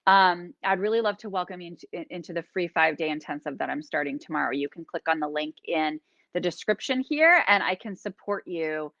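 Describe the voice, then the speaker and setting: A woman hosting a live-streamed oracle card reading, gently encouraging and guiding listeners through slow breathing. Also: lowish voice, expressive, vocal fry, no echo, highs cut off. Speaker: host and healer.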